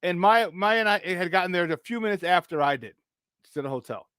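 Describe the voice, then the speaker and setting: A man with a high voice tells a story on a morning sports show, acting out each person he meets. He restarts sentences often and swears without a second thought. The sound is dry and close, with no room around him. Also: a little fast, smooth, no echo. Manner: animated, acts out the people in his story; swears casually, many restarts. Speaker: sports talk show co-host.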